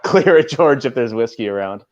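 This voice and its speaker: A man's voice: mid-range voice, lively intonation, moderate pace, lo-fi sound. A man chatting casually as a guest, reacting briefly and laughing along. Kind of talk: casual chat.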